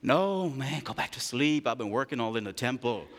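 Tired grumbling old priest, done by a man preaching, deep and quiet, echoing hall. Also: animated, moderate pace. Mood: sleepy, weary. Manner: tired, grumbling, low and hushed. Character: weary old male priest. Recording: long hall reverb.

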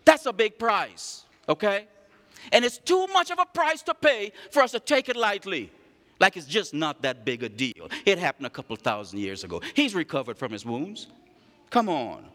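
A man preaching a sermon, reading scripture aloud and acting out the voices of the people in the story with lively, animated delivery. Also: high voice, normal speed, long reverb tail. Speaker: pastor.

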